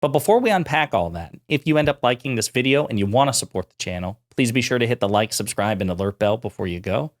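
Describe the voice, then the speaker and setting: A man's voice: mid-range voice, animated, quick pace, few pauses. A man hosting a political commentary channel, talking casually and sarcastically with frequent fillers.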